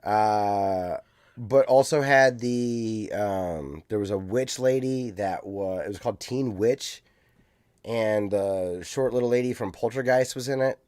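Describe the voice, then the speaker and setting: Male podcast co-host, lower voice, relaxed and laid-back, reads listener comments, dry mic. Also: slow, no room sound. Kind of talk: casual chat.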